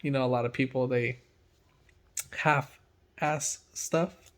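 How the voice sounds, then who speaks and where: A young man, a mechanic, casually telling a story in loose slang, animated and laughing, with big swings between loud and quiet. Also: mid-range voice, takes it slowly. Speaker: mechanic and channel host.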